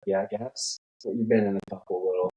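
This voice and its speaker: A man's voice: low voice, steady tone, quick pace, mellow, dull audio. A man in casual podcast chat, laid-back and chuckling as he reacts and asks questions.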